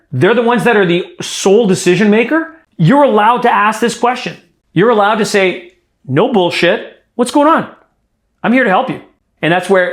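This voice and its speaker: Emphatic male sales coach, roomy sound. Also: high-pitched. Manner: direct, emphatic, demonstrates lines. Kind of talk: coaching workshop.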